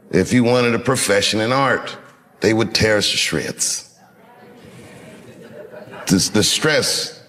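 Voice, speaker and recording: A man in his fifties from Washington, D.C., telling a reflective story to an audience in a measured, unhurried way with dramatic pauses. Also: mid-range voice, a bit bright. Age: 50s. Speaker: comedian.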